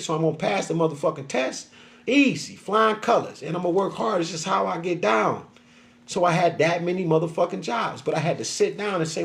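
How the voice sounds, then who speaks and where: A middle-aged man vents in a loose, profane monologue, slipping into other people's voices as he tells it. His voice sits a touch higher than most men's. It sounds like casual talk straight to a camera. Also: vocal fry. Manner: profane, venting, acts out other people's lines. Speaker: social media creator.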